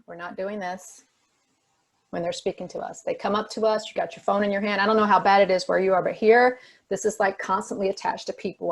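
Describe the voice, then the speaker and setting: A woman's voice: mid-range voice, low-quality recording. A woman delivers a motivational talk as a guest speaker, full of energy and leaning hard on her main points. She repeats key phrases for weight and talks straight to her young audience over a video call. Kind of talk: motivational talk to a youth forum.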